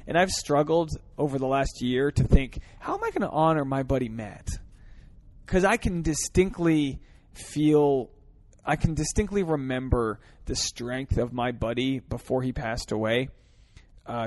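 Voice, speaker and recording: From his parked car, a man with a medium-pitched voice hosts a solo podcast, ranting earnestly and swearing a lot. He moves between fired-up pleas and quieter reflection, and the audio has no echo.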